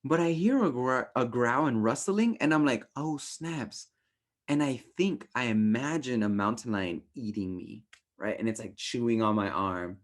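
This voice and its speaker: A young man teaches a relationship class in a loose, animated way, checking in with listeners by asking "right?". His voice sits at a middle pitch, and he slips into playful voices to act out his own quoted thoughts. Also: moderate pace. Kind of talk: casual teaching talk.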